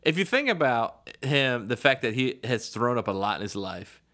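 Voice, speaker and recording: A man's voice: medium pitch, big pitch swings, normal speed, bright, forceful tone. A man in casual podcast chat, telling a story with lots of laughter and frequent "right?" asides.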